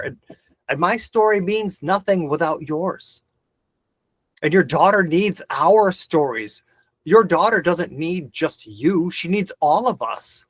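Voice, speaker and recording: A man's voice: high voice, fairly bright tone, no echo. A man hosting a video call discussion, talking intensely and ranting with heavy swearing. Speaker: host of the discussion.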